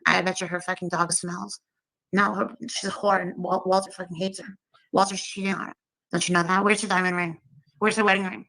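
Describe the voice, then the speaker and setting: A woman's voice: on the low side, level tone, brisk, bright, forceful tone, voice pushed down, low-quality recording. A woman doing a mocking impression of a profane, jealous woman who rants and screams threats. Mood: sneering. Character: foul-mouthed jealous woman ranting, shrieking threats.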